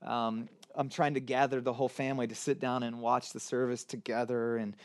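A man in his thirties preaching a sermon, chatty and informal, swinging from loud stress to quiet, hushed lines. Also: mid-range voice, flat delivery, brisk, clean tone. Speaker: pastor.

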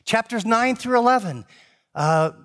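A middle-aged man preaching a sermon as a pastor, a fast-talking and animated storyteller. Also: very high-pitched.

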